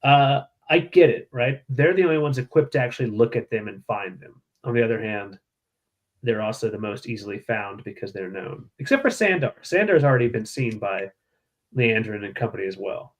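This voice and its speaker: Male podcast co-host, mid pitch, deadpan provocative humor, casual recap. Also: a little fast. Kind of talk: casual chat.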